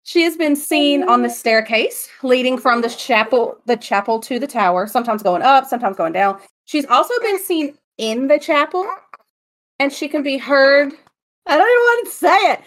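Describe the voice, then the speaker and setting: A woman tells ghost stories in a loose, joking way. Her voice sits a little high, and she talks like she's chatting with a friend. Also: normal speed. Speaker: podcast co-host. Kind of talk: casual chat, telling ghost stories.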